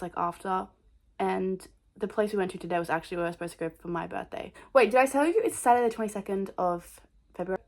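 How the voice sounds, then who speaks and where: Young aussie girl vlogging, rambly, says like a lot, mid pitch. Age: young adult. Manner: rambling, full of "like" fillers, animated storytelling. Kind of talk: casual chat to camera.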